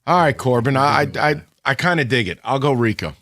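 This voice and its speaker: A man hosting a sports radio show in a studio, bantering excitably with his co-hosts. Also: medium pitch, dry recording. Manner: excitable, quick banter, whoops when right. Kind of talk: casual sports talk.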